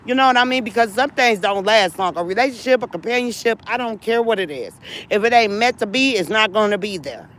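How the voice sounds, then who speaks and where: A woman's voice: mid-range voice, lively intonation, a little fast, a bit bright, a little hiss or hum, rough recording. Rambling woman venting to her viewers. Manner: rambling, repeats herself, addresses viewers directly. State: upset, worn down. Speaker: vlogger talking to viewers. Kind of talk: casual storytime venting.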